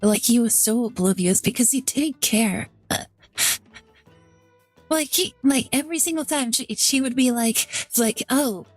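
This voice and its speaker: A woman's voice: fairly high pitch, unhurried, darkish tone, faint music behind. A woman streamer telling a story in casual chat, rambling with lots of "like" fillers and restarts. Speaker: VTuber streamer.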